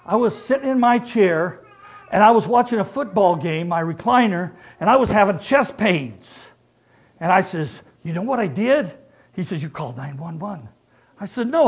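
Middle-aged man, sermon, husky voice, fairly high-pitched, animated storytelling. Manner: animated storyteller, acting out both sides of a dialogue. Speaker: preacher. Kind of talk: sermon with personal stories.

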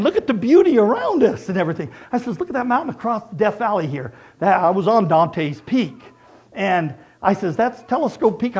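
Husky animated man preaching a sermon. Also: high-pitched. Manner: animated storyteller, acting out both sides of a dialogue. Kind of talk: sermon with personal stories.

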